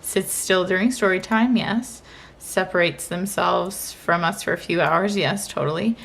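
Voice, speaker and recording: A woman's voice: lowish voice, measured pace, creaky, fairly bright tone. A young woman talks through a family vlog in a loose, chatty way. She keeps circling back with "like" and small restarts as she thinks aloud about her kids. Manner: chatty, with many fillers and restarts. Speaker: vlogger, mother. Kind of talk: casual family vlog chat.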